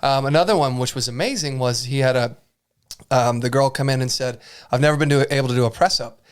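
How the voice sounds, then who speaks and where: A man's voice: medium pitch, fast, clean tone. A man co-hosting a casual podcast chat, enthusiastic and filling his talk with "uh" and "y'all". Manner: enthusiastic, says "y'all" and "uh" often. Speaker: podcast co-host.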